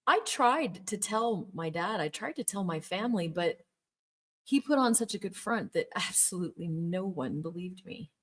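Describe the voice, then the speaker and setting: Middle-aged woman, lowish voice, earnest storyteller who stresses points by repeating words. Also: lively intonation, normal speed, fairly bright tone. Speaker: former Jehovah's Witness telling her story. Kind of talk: personal storytelling monologue.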